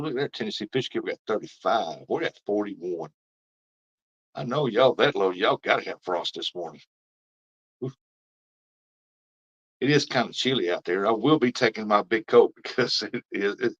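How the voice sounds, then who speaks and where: Low-voiced man chatting on a fishing stream. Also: fairly bright tone. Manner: rambling, reads out viewer comments. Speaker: fishing livestream host. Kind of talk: casual live-stream chat. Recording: dull lo-fi stream audio.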